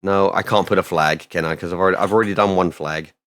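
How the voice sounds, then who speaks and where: A man streaming a game live, rambling casually and bursting out loudly when things go right. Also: low voice, fast talker, dry recording. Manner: rambling and excitable, with loud outbursts. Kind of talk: casual live-stream chat while gaming.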